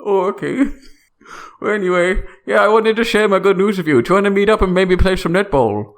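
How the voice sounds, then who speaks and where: A man's voice: high voice, brisk, voice pushed up. A man voicing Tag, an eager, upbeat young Canadian man, with a put-on Canadian accent. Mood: cheery.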